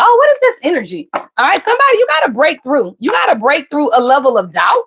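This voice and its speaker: A woman's voice: wildly swooping pitch, fairly quick, a bit bright. A woman doing a casual tarot reading for viewers, talking emphatically and often calling out "somebody" and "y'all". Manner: emphatic, repeats "somebody" and "y'all", jumps in pitch. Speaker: tarot reader.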